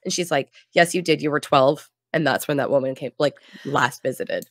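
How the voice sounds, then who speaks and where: A woman co-hosting a casual podcast, animated and giggly as she recaps a TV episode. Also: low voice, moderate pace, no echo, clean studio sound. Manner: animated, giggly, quotes lines in put-on voices. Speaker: podcast co-host. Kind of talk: casual chat.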